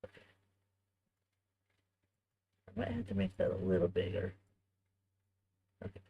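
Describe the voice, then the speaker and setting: A woman streams from home, chatting casually with viewers while she works on a craft. Her voice is extremely low with wildly swooping pitch, vocal fry and slight roughness, delivered at a measured pace on lo-fi sound.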